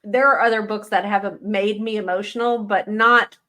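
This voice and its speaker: A woman's voice: mid-range voice, steady tone, moderate pace, sharp tone. A woman co-hosting a casual book-chat podcast, emotional and laughing often, swearing freely. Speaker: podcast co-host.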